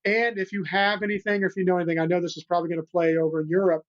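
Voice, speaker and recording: Older male guest, high-pitched, earnest and rambling; muffled lo-fi audio. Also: level tone, very fast. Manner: earnest, rambling, many restarts. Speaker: guest, animal rescuer. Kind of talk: storytelling interview talk. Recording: dull lo-fi sound.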